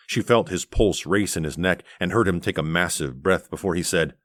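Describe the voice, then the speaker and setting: A man reading an audiobook aloud in a measured, gentle narration on a close studio mic. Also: low-pitched, no echo.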